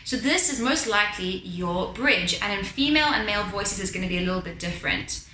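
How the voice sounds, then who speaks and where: Woman vocal coach, bright clear voice, keeps saying all right, echoey room with faint instrument. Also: medium pitch, lively intonation, a little fast, a little hiss or hum. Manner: explains patiently, often checks in with "all right". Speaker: vocal teacher. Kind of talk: instructional talk with sung demos.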